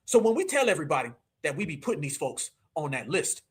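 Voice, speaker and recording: A man hosting a live commentary stream, talking in an animated, mocking, preachy way and sometimes shouting. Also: a little high, fast talker, husky. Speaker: livestream host.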